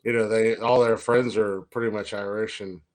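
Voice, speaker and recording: A man's voice: on the low side, fairly even intonation, moderate pace, a little mellow. A man co-hosting a comedy podcast, teasing his partner in a laid-back, dry way. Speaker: podcast co-host. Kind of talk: crude comedic banter.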